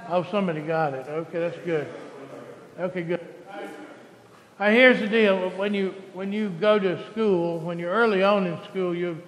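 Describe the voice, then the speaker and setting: High-voiced pastor coaxing children in a church. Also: male voice, normal speed. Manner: playful, coaxing talk to children. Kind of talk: children's sermon. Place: large church sanctuary. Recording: echoey church hall, mic at a distance.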